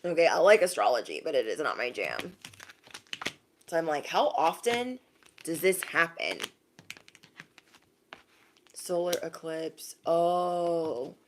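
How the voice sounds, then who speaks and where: A young woman chatting casually on a livestream as an intuitive reader, animated and laughing often, thanking viewers by name. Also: low voice, slow pace, long pauses, slight background noise.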